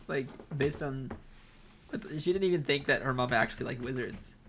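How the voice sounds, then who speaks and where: Co-host, casual chat, rambling, mid pitch. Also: normal speed, slight background noise. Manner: rambling, laughing, self-interrupting. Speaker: podcast co-host. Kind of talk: casual banter during a read-along.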